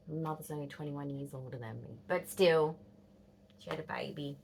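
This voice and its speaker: A woman's voice: sits low, steady tone, moderate pace, creaky, a little mellow, a little hiss or hum. An Australian woman in her fifties telling a rambling, blunt story to camera, swearing and dropping into whispers. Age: 50s. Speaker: vlogger.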